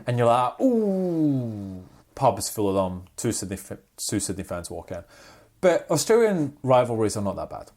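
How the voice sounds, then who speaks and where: A man's voice: fairly low pitch, brisk. Guy on a podcast, chatty, voice swings up and down a lot, plays out the people he quotes. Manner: animated storyteller, acts out quoted people. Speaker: podcast co-host. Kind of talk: casual chat.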